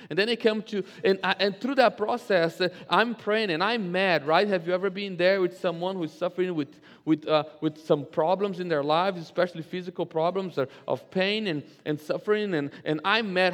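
Man, pastor, sermon, fairly high voice, echoey hall. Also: steady tone. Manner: builds to slow, emphatic, raised scripture reading. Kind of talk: sermon with personal story. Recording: reverberant hall with faint music.

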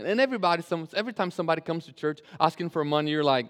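A male pastor preaching a sermon and telling a story, animated, often restarting and repeating his phrases. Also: a little high, racing, hardly any pauses, big-room sound. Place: church sanctuary.

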